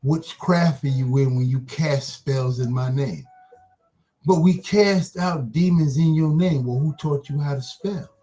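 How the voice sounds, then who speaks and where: A man hosting an online broadcast, delivering an impassioned religious monologue with rapid-fire rhetorical questions that taunt the listener. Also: on the high side, mellow.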